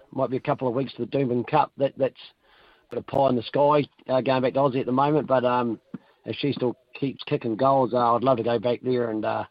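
A hoarse racehorse trainer, chatting casually on the phone with radio hosts, rambling along with plenty of fillers. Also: male voice, mid-range voice, no room sound. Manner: rambling, relaxed, halting with fillers. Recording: dull phone line.

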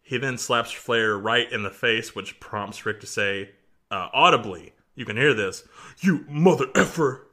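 A man with a fairly low, slightly slow voice co-hosts a wrestling podcast, reviewing matches in a casual chat. He's animated, laughs often, and puts on shouting voices when quoting people.

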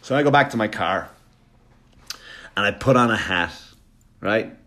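Fast-talking, profane male comedian. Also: on the low side, expressive, bright, forceful tone. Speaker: stand-up comedian. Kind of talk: stand-up storytelling.

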